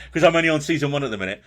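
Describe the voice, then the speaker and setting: A podcast co-host from England speaks quickly in a slightly high voice. He's lively and jokey in this casual chat, reading out listener comments.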